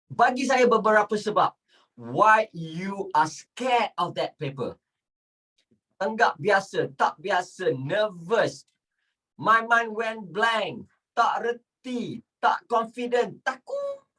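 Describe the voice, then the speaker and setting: A Malaysian man leads an online English lesson at an unhurried pace, often repeating phrases and asking his class questions. His voice sounds a little distant from the microphone. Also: high-pitched, very animated, a bit bright. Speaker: English teacher.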